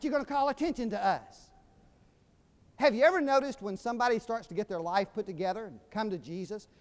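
An older man from Georgia with a Southern accent, preaching a sermon with folksy storytelling and humor that builds into emphatic proclamation. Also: sits high. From Georgia, USA. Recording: long reverb of a large hall.

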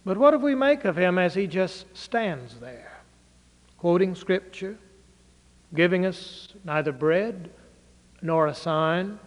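A man preaching a sermon, dramatically swinging between loud declaiming and hushed low phrases. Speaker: pastor. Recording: reverberant hall.

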